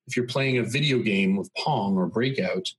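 A man's voice: fairly low pitch, normal speed, slightly rough, rough recording. A man talking as a podcast guest, telling long stories full of examples. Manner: expansive storyteller, dense with examples. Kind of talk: conversational podcast interview.

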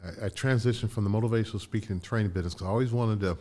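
An older man from Indiana, a guest in a casual interview, tells animated anecdotes with restarts and laughs. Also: on the low side, very fast. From Indiana, USA.

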